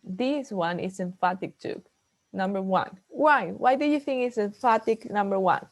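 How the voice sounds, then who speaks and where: A woman's voice: medium pitch, lively intonation, normal speed. Bilingual woman teaching an English class. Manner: explains in English, then repeats in Spanish.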